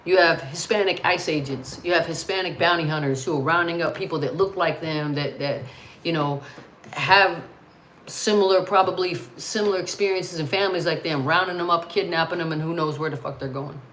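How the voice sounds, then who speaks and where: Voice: medium pitch, fairly even intonation, brisk, a bit bright, slight background noise, rough recording. An American host talking casually and bluntly on a livestream, ranting with frequent swearing. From United States.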